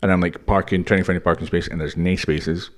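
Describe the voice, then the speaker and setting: Man, 40s, north-east Scottish accent, low voice, chatty rambling storyteller, podcast co-host. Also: level tone, quick pace. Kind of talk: casual chat.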